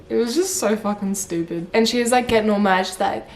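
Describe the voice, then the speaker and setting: Young woman vlogger, mid-pitched, animated and sweary, casual chatty storytelling. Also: moderate pace.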